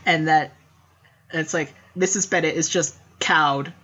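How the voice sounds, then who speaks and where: A woman's voice: low voice, steady tone, unhurried, fairly bright tone, breathy edge, lo-fi sound. A woman in casual chat who laughs often and acts out quoted lines in playful voices.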